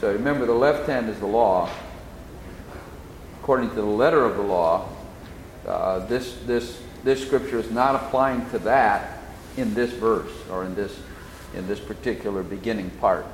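A man teaching the Bible in sermon style, slowly explaining and repeating key phrases. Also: on the low side. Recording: echoey hall, faint noise.

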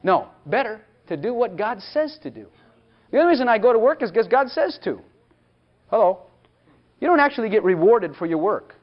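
A man's voice: sits high, big pitch swings, normal speed. A man preaching a sermon, emphatic and full of rhetorical questions, at times speaking in God's voice. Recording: dull lo-fi recording.

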